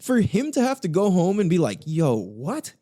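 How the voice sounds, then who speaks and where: A young man hosts a casual podcast, telling stories in a loose, profane, fired-up way. His voice is fairly high for a man and swings widely in pitch. The sound is mellow and the recording is close and dry. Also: expressive, a little fast, no echo. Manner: loose, profane, enthusiastic storytelling with frequent laughs. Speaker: podcast host. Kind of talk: casual solo podcast talk.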